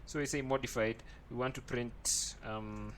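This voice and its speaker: A man's voice: medium pitch, steady tone, moderate pace, fairly bright tone, slight background noise. Man talking through code aloud. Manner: thinks aloud, frequent "right?" checks. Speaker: programming tutor. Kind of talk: screen-recorded coding tutorial.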